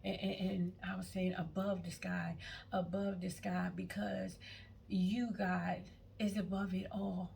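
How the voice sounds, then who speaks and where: Woman, faith vlogger, gravelly voice, emphatic, stammering repeats, faint hiss behind. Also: lowish voice, level tone, a little slow, a little mellow. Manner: emphatic, repeats words, prays aloud mid-talk. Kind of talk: spontaneous faith talk to viewers. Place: on vacation.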